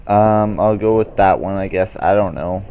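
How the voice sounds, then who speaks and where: A man's voice: sits low, normal speed, dark tone, lo-fi sound, a little hiss or hum. Brief: a man doing live gameplay commentary. Confused and frustrated, with faint gunfire behind him. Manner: confused, frustrated muttering, says "dude" a lot. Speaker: gamer.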